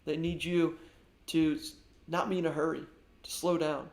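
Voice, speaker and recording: A male pastor delivers an earnest devotional sermon, his fairly high voice edged with gravelly fry. He often restarts and repeats words as he talks. The sound carries a noticeable echo from the room around him. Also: level tone, normal speed.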